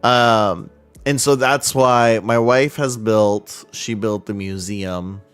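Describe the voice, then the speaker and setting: Soft-spoken man streamer, slow and halting. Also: lowish voice, fairly even intonation, smooth, soft background music. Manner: heartfelt, halting, many restarts and fillers. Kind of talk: casual live-stream chat.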